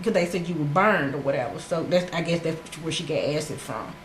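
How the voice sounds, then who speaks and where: Woman telling a story all animated, acting out the quotes, roomy echo, faint hum behind. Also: deep voice, fairly quick. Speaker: interviewee, cousin of the victim. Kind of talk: documentary interview.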